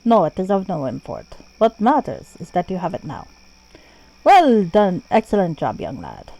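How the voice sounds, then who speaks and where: A woman's voice: on the low side, huge pitch swings, normal speed, vocal fry, warm tone, exaggerated voice. A woman voicing a pompous older male scholar character in a game, haughty and self-satisfied.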